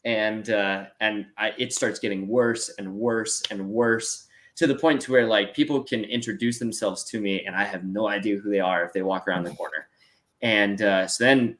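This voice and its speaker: A man in his twenties from the United States, an interview guest telling a story in casual chat, animated and full of fillers. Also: on the low side. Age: 20s. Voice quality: animated, acts out voices in his story, many fillers like "dude" and "like". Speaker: interview guest, para snowboarder.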